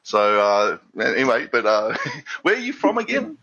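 A man's voice: mid-range voice, huge pitch swings, moderate pace, bright, forceful tone, highs cut off. A man chatting on a call-in show, rambling and stumbling over his words as he tells stories. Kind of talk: casual chat on a call-in show.

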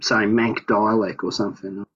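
A man's voice: lowish voice, little pitch movement, moderate pace, fairly bright tone, breathy edge. A man with a Queensland accent in a casual chat, hesitant and stammering as he tells a childhood anecdote. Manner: hesitant, stammering restarts, laughs at own anecdotes. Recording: muffled podcast audio.

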